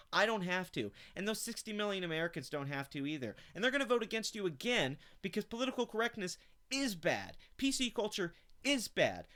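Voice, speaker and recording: A man's voice: a little high, fairly bright tone. A man hosting his own channel, ranting with contempt and heavy swearing as he reacts to an article he reads aloud. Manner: profane, contemptuous, sarcastic. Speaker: channel host. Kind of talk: angry commentary rant.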